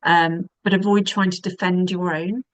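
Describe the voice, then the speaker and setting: A woman, a divorce specialist giving calm, measured webinar advice with frequent ums. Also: on the low side, dry recording, low-quality recording.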